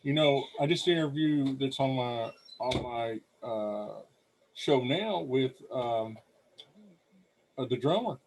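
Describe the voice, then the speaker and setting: A man's voice: medium pitch, slow, background noise. A male host running a casual interview over a call, talking loosely and swearing now and then.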